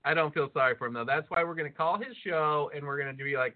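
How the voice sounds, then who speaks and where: A man co-hosting a podcast in excitable, profane casual banter, laughing often. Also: a little high, quick pace, few pauses. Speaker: podcast co-host. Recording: phone-like lo-fi audio.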